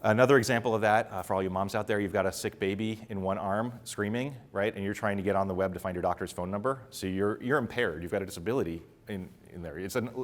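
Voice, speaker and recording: Casting: middle-aged male conference speaker, lowish voice, rapid delivery full of ums. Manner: fast-talking, many fillers. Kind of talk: conference talk. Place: conference room with audience.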